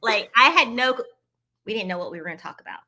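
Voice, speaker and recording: A woman co-hosting a casual chat, lively and talking straight to her audience. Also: a little high, fast talker. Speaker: co-host.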